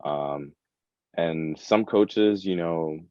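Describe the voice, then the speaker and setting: A young college athlete with an extremely low, mellow voice. He talks in a relaxed, earnest way, full of "you know" and "like." The recording is dry and slightly lo-fi. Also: drawn-out words, no room sound. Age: early 20s. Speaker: college track athlete guest. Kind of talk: casual interview chat.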